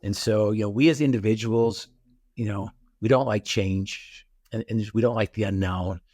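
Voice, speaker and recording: A man's voice: fairly low pitch, moderate pace, no room sound, studio quality. A middle-aged man, a guest speaker on a podcast, telling stories with energy and acting out his own reactions. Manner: animated storyteller, acts out his own reactions. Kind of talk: storytelling in a podcast interview.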